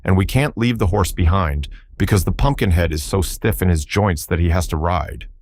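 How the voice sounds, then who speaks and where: A man's voice: deep voice, moderate pace, a little mellow, no room sound, studio quality. A man voicing a curious young boy who speaks plainly and earnestly.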